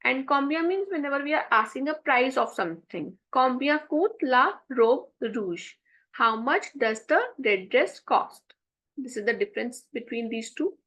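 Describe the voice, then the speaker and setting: A woman with a high voice teaches a French lesson. She explains each step patiently, saying French phrases slowly and then translating them. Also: lively intonation, fairly bright tone, poor audio. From India. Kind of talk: classroom explanation.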